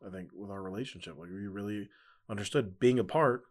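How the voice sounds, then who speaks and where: A man's voice: on the low side, fairly quick. A young man chatting casually as a podcast guest, telling a story in a laid-back way with lots of fillers and frequent laughs. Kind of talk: casual chat.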